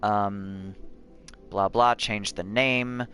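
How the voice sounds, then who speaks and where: A man streaming a game, chatting casually and thinking aloud with many pauses and ums. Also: on the low side, steady tone, bright, forceful tone. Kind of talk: casual live-stream chat.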